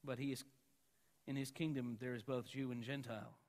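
A man pastor preaching a sermon, emphatic, rising loud on the lines he quotes. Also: mid-range voice, little pitch movement, a little fast, in a large hall.

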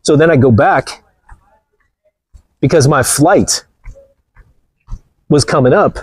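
A man's voice: fairly high pitch, takes it slowly, husky, no echo. A man vlogging outdoors with a phone camera, blunt and mocking, rambling through stories as he walks. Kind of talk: casual walking vlog talk.

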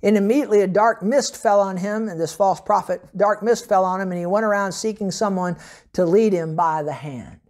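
A pastor preaches a sermon, his voice high and brisk with a darkish tone. He tells personal testimony stories with emphasis, laughing now and then between his points.

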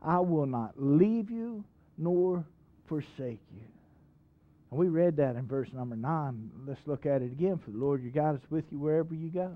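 A man's voice: medium pitch, a little fast, narrow, tinny audio. A male pastor preaching a sermon in a church, folksy and emphatic, asking the congregation questions. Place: church sanctuary.

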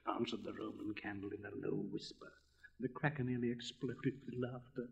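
A man narrating a fairy tale in a measured storybook reading. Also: mid-range voice, vocal fry, breathy edge, highs cut off.

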